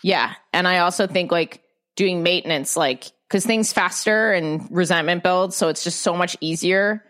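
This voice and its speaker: A woman's voice: on the low side, normal speed, fairly bright tone. A woman chatting casually and candidly on a podcast, swearing freely and often restarting her sentences. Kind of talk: casual chat.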